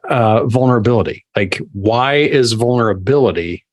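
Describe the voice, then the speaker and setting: A man's voice: mid-range voice, animated, moderate pace. Conversational male podcast host. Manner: conversational, hesitant phrasing with repeats. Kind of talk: interview questions.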